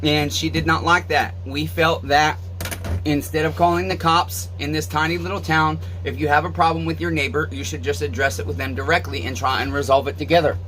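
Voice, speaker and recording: A man's voice: a little high, level tone, a little fast, a bit bright, a little hiss or hum, poor audio. A man casually telling a long personal story to his viewers, rambling with many fillers and asides. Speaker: vlogger.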